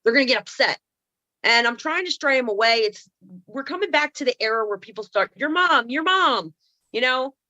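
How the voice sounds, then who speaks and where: A woman's voice: on the high side, fairly quick, bright, forceful tone, no room sound, dull audio. A woman in her thirties telling comedic stories on a video call, sassy and self-mocking with playful asides. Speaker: comedian and speaker. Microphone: computer mic on a video call.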